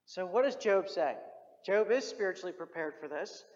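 Preacher, mid-pitched, exhorting sermon delivery, repeats key lines; muffled recording in a large echoing hall. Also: lively intonation, normal speed, darkish tone. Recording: dull recording with long hall reverb.

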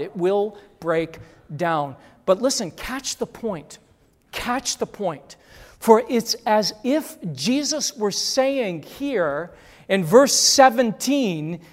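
A man preaching a Sunday sermon as pastor, emphatic and repetitive, swinging between loud declarations and hushed lines. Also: high voice. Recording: long church-hall reverb.

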